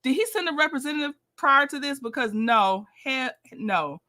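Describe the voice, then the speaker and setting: Bright-voiced woman hosting a live chat. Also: sits high, expressive, normal speed. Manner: chatty, talks to viewers, reads texts aloud. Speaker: livestream host. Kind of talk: casual live commentary.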